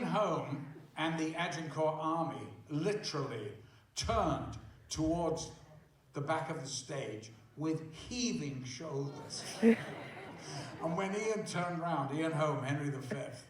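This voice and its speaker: A man in his seventies telling amused, unhurried anecdotes as a guest at a theater Q&A. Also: fairly high pitch, expressive, noisy background. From England. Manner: slow, amused storytelling. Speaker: guest actor. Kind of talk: stage Q&A anecdote. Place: theater auditorium. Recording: distant mic in echoey hall.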